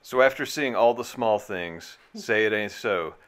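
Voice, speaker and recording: A man's voice: on the low side, a little slow, a bit bright. A man co-hosting a reaction video, joking in a dry, casual way. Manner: dry, jokey. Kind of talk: casual commentary.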